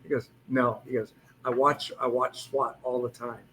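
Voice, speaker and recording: A man's voice: mid-range voice, little pitch movement, moderate pace, a bit bright, slight background noise, poor audio. A man in his sixties, a police hostage negotiator, telling anecdotes in a casual interview and acting out the lines he quotes. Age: 60s.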